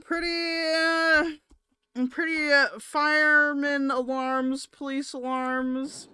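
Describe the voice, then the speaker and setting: A woman's voice: mid-range voice, lively intonation, a little slow, bright, forceful tone, clean tone, no room sound, studio quality. A woman co-hosting a commentary podcast, chatting casually with blunt, profane reactions. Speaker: podcast co-host.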